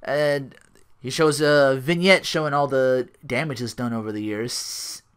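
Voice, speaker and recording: A man's voice: medium pitch, fairly even intonation, unhurried, a bit bright, clean tone. A man hosting a podcast, casually recapping a show in a rambling way, full of restarts and asides. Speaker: podcast host.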